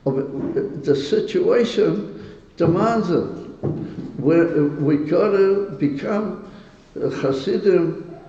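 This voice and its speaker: High-voiced rabbi in an echoey hall. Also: male voice, extremely slow, warm tone. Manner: earnest, quizzes listeners, laughs between points; stirred and emotional about the topic. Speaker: rabbi leading a Hasidic gathering. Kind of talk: informal teaching talk to a gathering. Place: synagogue hall. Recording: echoey hall, dull lo-fi sound.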